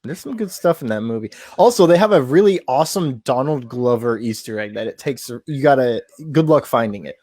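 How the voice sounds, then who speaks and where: A man from the Southern United States chatting during a movie watch-along, telling animated stories. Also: medium pitch, fairly quick, few pauses, no echo. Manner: storytelling, animated retelling of conversations.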